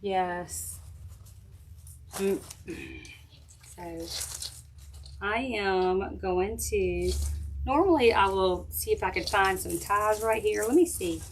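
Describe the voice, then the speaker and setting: A middle-aged woman with a drawl talks folksy and chatty, working with her hands and calling out to viewers as she goes. Her voice sits at an ordinary middle pitch. A faint hiss and a few clicks sit under the recording. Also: slow pace, pauses often. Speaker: crafting livestream host. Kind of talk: casual craft demo chat with viewers. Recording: faint background noise and clicks.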